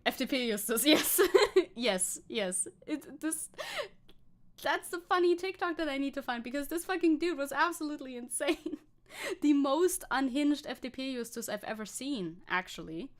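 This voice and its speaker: Young woman vtuber rambling to chat, kinda high voice, laughs a lot, swears. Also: moderate pace, fairly bright tone. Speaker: VTuber streamer. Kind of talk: casual live-stream chat.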